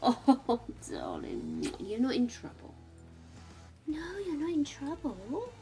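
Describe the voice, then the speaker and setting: A woman's voice: high voice, huge pitch swings, slow, gravelly, dark tone, faint music behind. A British woman streaming gameplay in casual chat, cooing fondly at her dog and laughing often.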